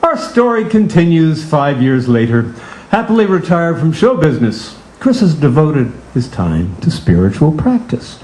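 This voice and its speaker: Older male storyteller, wry and theatrical, high voice with lots of swing. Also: very animated, moderate pace, darkish tone. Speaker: comic author reading aloud. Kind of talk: comic storytelling to a live audience.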